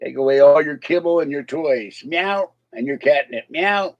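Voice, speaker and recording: Rambling through a casual livestream, this male host tosses chuckling asides to his chat at a fairly quick clip. His medium-pitched voice carries a slight slur from missing teeth, and the audio sounds dull.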